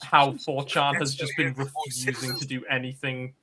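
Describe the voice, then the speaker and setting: A man's voice: medium pitch, flat delivery, moderate pace, crowd noise. An English man co-hosting a casual chat, reacting to clips in a dry, hesitant way. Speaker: podcast co-host.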